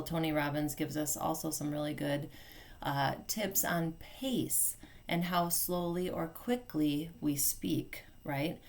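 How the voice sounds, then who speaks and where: A woman's voice: deep voice, creaky. A middle-aged woman coaching on family communication in a casual, chatty teaching manner, with fillers and self-corrections. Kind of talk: casual instructional talk.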